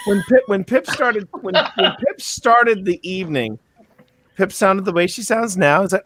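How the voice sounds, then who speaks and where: A man's voice: high-pitched, normal speed, a bit bright, dry recording. A man co-hosting a casual podcast chat, telling rambling stories full of restarts. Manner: rambling storyteller, restarts, mimics accents. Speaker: podcast co-host.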